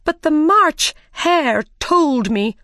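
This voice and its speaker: A jittery, flustered storybook hatter squeaks out his defenses in a high, anxious voice, as a woman acts him out. He sounds pitched well above her plain reading voice. The sound is close and dry. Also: very animated, takes it slowly, no room sound, exaggerated voice. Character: nervous, flustered male Mad Hatter.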